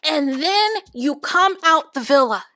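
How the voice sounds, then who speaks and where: A woman's voice: high-pitched, a little slow. A woman giving casual reaction commentary on reality TV, retelling scenes dramatically and talking straight to her viewers. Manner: animated, dramatic retelling, addresses viewers as y'all.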